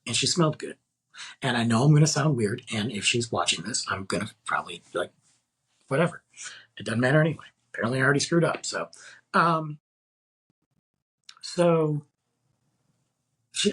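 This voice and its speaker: Rambling man in his forties, very husky. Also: fairly high pitch, animated, a little fast, a bit bright. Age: 40s. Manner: rambling, heavy filler words, acts out both sides of a dialogue. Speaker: podcast host. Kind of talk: casual storytelling monologue. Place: Texas.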